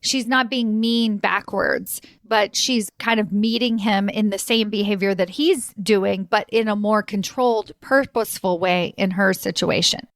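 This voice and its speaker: A woman hosting a solo podcast as an executive coach, telling client stories in an animated way and acting out the dialogue. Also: mid-range voice, unhurried, hardly any pauses, no room sound, clean studio sound. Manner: animated storytelling, acts out quoted dialogue with laughs.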